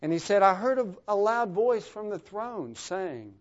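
A man preaching a sermon, his voice swelling louder for emphasis and then dropping to a near hush. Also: sits high, very animated, a little slow. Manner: rising and falling in volume for emphasis, dropping to a hush. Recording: dull lo-fi recording.

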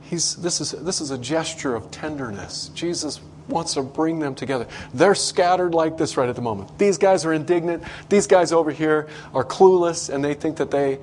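A man preaching a sermon to a congregation in a conversational way, acting out quoted voices with big swings in pitch. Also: normal speed, hardly any pauses, darkish tone, a little hiss or hum. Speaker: pastor.

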